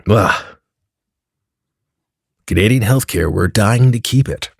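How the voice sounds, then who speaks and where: A man telling a comedic story in a profane, animated way, acting out the dialogue as he goes. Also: on the low side, slow, gravelly, no room sound, studio quality.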